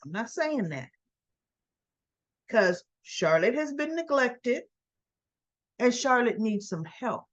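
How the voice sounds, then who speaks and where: A woman's voice: a little high, very animated, slow, pauses often, dull audio. A woman giving a casual, opinionated recap of a soap opera episode, talking back to the characters as she goes.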